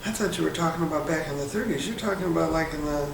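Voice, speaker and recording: A man's voice: on the high side, racing, gravelly. A man interviewing, asking curious, prompting questions. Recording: distant, echoey, noisy room sound.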